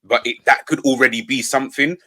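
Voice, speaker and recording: A man's voice: medium pitch, steady tone, fairly quick, bright, forceful tone, no echo. A man on a football fan panel, rambling and thinking aloud as he talks. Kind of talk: casual podcast chat.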